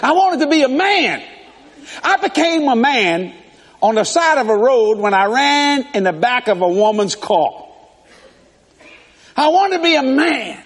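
A man preaching a sermon as pastor, telling stories in an animated way with laughs. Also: very high-pitched, a little slow, long pauses, husky, a faint crowd. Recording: echoey hall.

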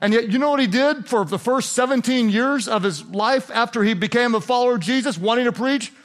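A man's voice: extremely high pitch, a little fast. A man preaching a sermon to his congregation in a conversational, playfully sarcastic way, asking them questions. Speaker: pastor.

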